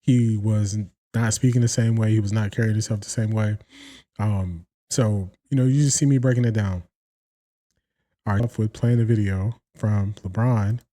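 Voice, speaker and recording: A man's voice: lowish voice, moderate pace. An American man hosting a casual sports commentary show, talking straight to his viewers and acting out the quotes he breaks down. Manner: animated, acts out quotes, addresses viewers directly.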